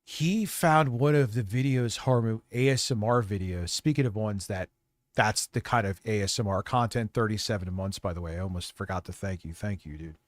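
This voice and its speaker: A man's voice: lowish voice, normal speed, no room sound. Profane rambling streamer man. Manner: profane, rambling, reacts loudly. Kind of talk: casual live-stream commentary.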